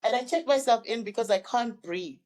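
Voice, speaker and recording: A woman's voice: fairly high pitch, normal speed, a little mellow, rough recording. A woman in her fifties from Zimbabwe, a guest recounting her life story in an interview and acting out the people she quotes. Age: 50s.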